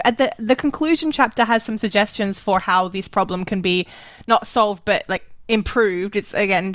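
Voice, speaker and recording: A woman's voice: mid-range voice, a bit bright, dry recording. Chatty woman leading a book chat. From Australia. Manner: chatty, many "like" fillers and restarts. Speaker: book club member leading discussion. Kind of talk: casual book discussion.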